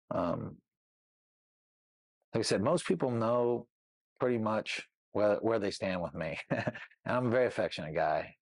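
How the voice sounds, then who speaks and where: A middle-aged man with a somewhat low voice talks through his personal history as an interview guest. He rambles candidly, circling back and tossing in "you know what I mean" again and again. The sound is close and dry, with no room around it. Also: vocal fry, husky, dry recording.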